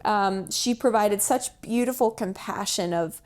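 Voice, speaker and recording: Chatty woman telling a lively story. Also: mid-range voice, measured pace. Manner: animated storyteller acting out quoted voices; chatty, with fillers like "like" and "um". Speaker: podcast guest. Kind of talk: casual storytelling.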